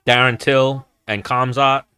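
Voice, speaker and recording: A man's voice: mid-range voice, flat delivery, measured pace, pushed and bright, clean tone. A man hosting a casual fight watch-along, chatting loosely with viewers in a rambling, profane way. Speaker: host.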